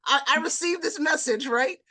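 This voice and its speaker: A woman's voice: high voice, moderate pace, bright, forceful tone. Casting: woman interview host, conversational, personal and affirming.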